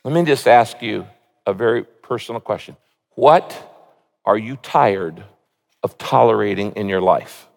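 A pastor with a lowish, gravelly voice preaches a sermon a little slowly, earnestly reading scripture and pleading prayers aloud with mounting emphasis. A long hall reverb fills the recording.

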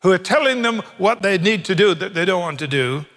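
A British man preaching a sermon, animated and humorous, acting out quoted voices in his stories. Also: high voice, brisk. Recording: long hall reverb.

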